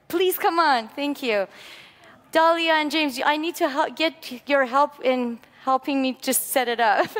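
Woman lecturer, high and animated, playful, in a lecture hall with a long echo. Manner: animated, playful, coaxing volunteers. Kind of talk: lively classroom lecture with demonstration.

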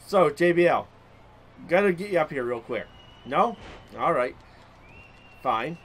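A young man hosting a gaming channel, giving excitable let's-play commentary with loud outbursts and mild swearing. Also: on the high side, unhurried, a little hiss or hum.

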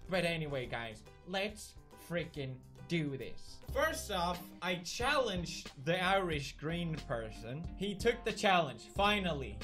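A man with a Swedish accent hosting a reaction video, joking around and bursting into loud excited yelps. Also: a little high. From Sweden. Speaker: host.

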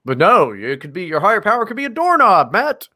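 A man's voice: sits high, huge pitch swings, a little fast, sharp tone. A man co-hosting a casual podcast, joking sarcastically and swearing a lot. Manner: sarcastic, profane, jokey. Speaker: podcast co-host. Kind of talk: casual comedic podcast chat.

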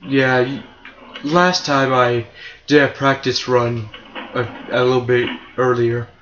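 A man's voice: medium pitch, takes it slowly. A young man casually commentating his own speedrun, rambling and self-mocking with sarcastic asides. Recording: muffled lo-fi with steady hiss.

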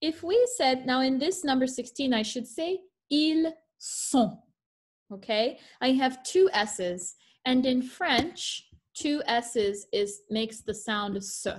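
A woman's voice: high voice, lively intonation, slow. A woman teaching French pronunciation in an online class over a video call. She reads French examples carefully and adds playful asides.

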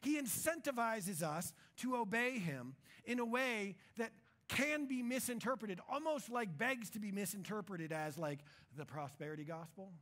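Animated, high-voiced male pastor. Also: normal speed. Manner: conversational, animated, jokey preaching. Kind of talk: sermon. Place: church.

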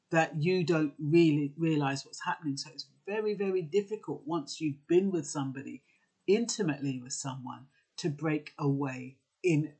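A man talks through relationship advice in an earnest, conversational way, pausing on fillers and restarting his sentences. His voice sits a little high for a man and has a husky, breathy edge. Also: darkish tone. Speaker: advice vlogger. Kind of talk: casual advice talk.

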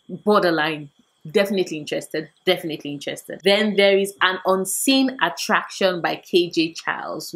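A woman book vlogger from Nigeria, chatting casually through book recommendations with animated asides. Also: on the low side, low-quality recording.

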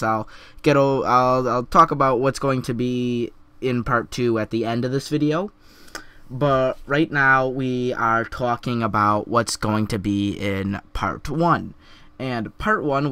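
Young male vlogger, mid-pitched, earnest and halting, dry close sound. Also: fairly bright tone, dry recording. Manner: earnest, halting, with frequent stumbles and repeats. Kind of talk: opinion commentary vlog.

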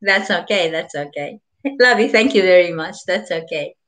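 An older woman with a Japanese accent teaching beginners, slowly repeating each word, greeting viewers and laughing often. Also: lowish voice, expressive, fairly bright tone. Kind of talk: live-streamed beginner language lesson.

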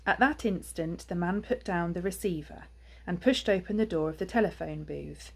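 Husky, expressive English teacher reading. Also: female voice, on the low side. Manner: expressive, chatty asides to children. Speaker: primary school teacher. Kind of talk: reading a children's book aloud.

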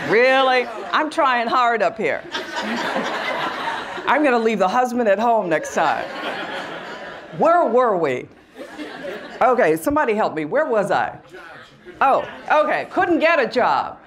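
A woman's voice: a little high, expressive, slow pace, pauses often. A middle-aged woman from rural Missouri giving a motivational talk to students, telling her story with animation and voicing the people in it. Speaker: guest speaker. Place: college event with audience.

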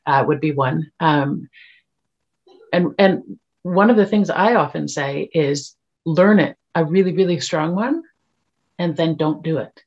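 Husky, gravelly woman on a dull line. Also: sits low, a little mellow. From Canada. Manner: measured, advice-giving. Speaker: actress, podcast guest. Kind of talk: casual interview conversation.

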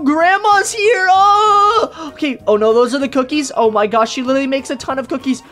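A woman giving excitable game commentary, gasping and shrieking as she plays. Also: high-pitched, moderate pace, few pauses, faint music behind. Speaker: gaming host.

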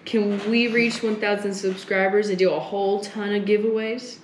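A woman co-hosts a casual home video and addresses the viewers directly. Her manner is upbeat and coaxing, and her voice sits in a middle pitch. The recording carries noticeable room echo and a light background hiss. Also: flat delivery, normal speed. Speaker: co-host of a trading card channel. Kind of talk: casual chat. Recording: echoey room with faint hiss.

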